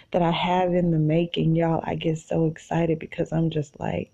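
A low-pitched, gravelly woman hosts a solo podcast from her bed. She talks in an animated, rambling way, cheering herself up as she goes, and her mellow voice comes through a dull home recording. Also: moderate pace, few pauses. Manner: animated, self-encouraging, rambling. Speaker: podcast host. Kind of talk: casual solo podcast monologue.

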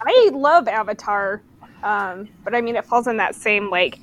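A woman's voice: mid-range voice, expressive, moderate pace, slight background noise. A woman co-hosting a casual podcast, playful and enthusiastic. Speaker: podcast co-host. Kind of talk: casual chat.

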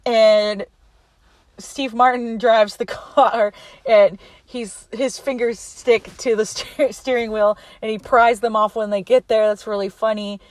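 Chatty young woman, casual movie recap, slightly high voice, dry close sound, laughs a lot. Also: unhurried, dry recording. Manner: chatty, laughs often, quotes characters in lively voices.

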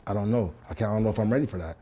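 Brief: husky, rapid-fire male podcast guest, animated and profane storyteller. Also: fairly low pitch. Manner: excitable, profane, talks to himself in acted asides. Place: podcast studio.

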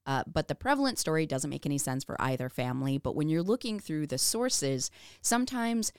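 A woman's voice: low voice, big pitch swings, fairly quick, smooth, no room sound, clean studio sound. A woman co-hosting a podcast, reading researched history with casual asides and frequent laughs. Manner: laughs often, reads notes with asides. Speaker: podcast co-host.

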